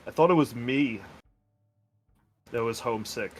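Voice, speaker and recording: Man playing a soft-spoken, homesick masked wanderer. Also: mid-range voice, measured pace, close to an everyday voice. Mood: wistful. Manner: soft, hushed speech. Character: homesick young male wanderer in a mask, quiet and wistful.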